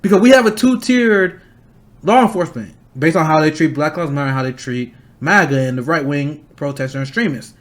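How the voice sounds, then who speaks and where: A young man hosting a political stream, angry and blunt, ranting fast and swearing often. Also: on the high side, animated. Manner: fast, repeating himself to stress points. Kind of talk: heated political commentary.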